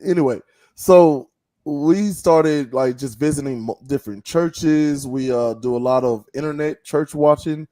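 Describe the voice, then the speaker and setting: A man's voice: on the high side, unhurried, mellow, no room sound. A man from the Southern United States hosting a podcast in casual, rambling chat with many asides. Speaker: podcast host.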